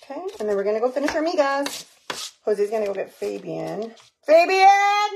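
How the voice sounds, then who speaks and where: Chatty woman with vocal fry. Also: medium pitch, expressive, a little fast, a little mellow. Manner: chatty, talks to viewers and child while cooking. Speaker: home cook vlogger, mother. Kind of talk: casual cooking vlog. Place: home kitchen. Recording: background kitchen noise.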